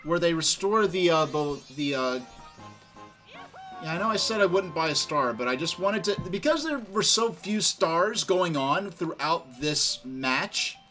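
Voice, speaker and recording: High-voiced man telling rambling stories. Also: expressive, measured pace, pushed and bright, faint music behind. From New York. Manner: rambling, enthusiastic storytelling. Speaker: game streamer. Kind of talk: casual gaming stream chat.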